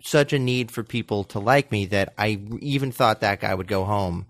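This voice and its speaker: A man in casual conversation, telling a story hesitantly with many fillers and pauses. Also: lowish voice, dry recording, studio quality. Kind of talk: casual chat.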